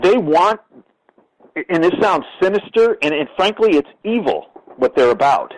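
A man's voice: sits high, big pitch swings, moderate pace, poor audio. Older man telling stories in an interview. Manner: emphatic, repeats words when starting sentences. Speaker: interview guest. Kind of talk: conversational interview storytelling.

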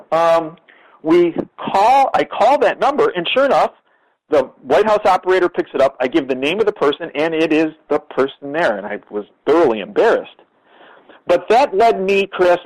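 A man's voice: fairly high pitch, rough recording. An older man speaking as an interview guest, emphatic and given to repeating words as he starts his sentences. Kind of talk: conversational interview storytelling.

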